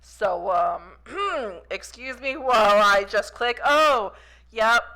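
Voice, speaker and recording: A young adult woman streaming a story game. She reads the game text aloud and gushes loudly over the characters, giggling often. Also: fairly high pitch, expressive, slow. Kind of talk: let's play commentary, reading game text aloud.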